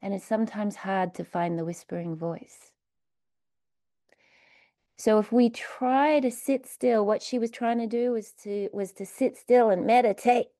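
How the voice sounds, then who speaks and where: Calm woman guiding a meditation. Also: mid-range voice, no echo, clean studio sound. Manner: slow, soothing, repetitive phrasing. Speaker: recovery speaker leading a meditation. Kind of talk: guided meditation and recovery talk.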